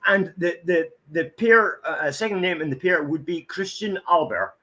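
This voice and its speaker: A man's voice: high-pitched, moderate pace, pushed and bright. A man co-hosting a casual chat, rambling and repeating himself as he runs a quiz. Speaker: co-host.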